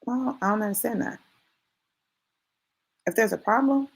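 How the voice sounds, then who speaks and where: A woman with a fairly high, gravelly voice delivers a motivational talk. She speaks emphatically and talks straight to her listeners. She drives her points home by repeating them. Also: normal speed. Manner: emphatic, repeats key phrases for stress; conversational, addresses listeners directly.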